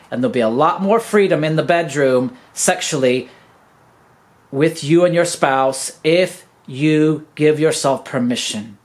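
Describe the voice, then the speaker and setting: A man's voice: medium pitch, rough recording. A man in his fifties, a podcast host, gives an earnest, preachy teaching monologue and keeps calling his listeners "guys". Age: 50s.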